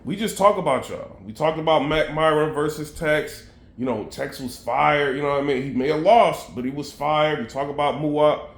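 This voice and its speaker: A man's voice: a little high, fairly even intonation, normal speed. Man, casual commentary, talks to viewers, fillers and asides, echoey room. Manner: conversational, filler-heavy, addresses viewers directly. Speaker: battle rap commentator.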